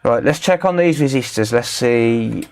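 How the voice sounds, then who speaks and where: Brief: Midlands man, mid-pitched, banters and swears while doing repairs on a live stream. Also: expressive, unhurried, darkish tone, a little hiss or hum. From English Midlands. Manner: joking, bantering, swears freely. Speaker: electronics repair livestreamer. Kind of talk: casual livestream chat while working.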